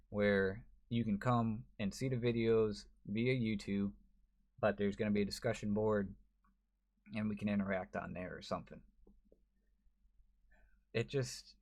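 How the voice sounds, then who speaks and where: A man, a gaming YouTuber, talking to camera in a frustrated, rambling way, full of restarts. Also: lowish voice. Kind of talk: emotional to-camera vlog.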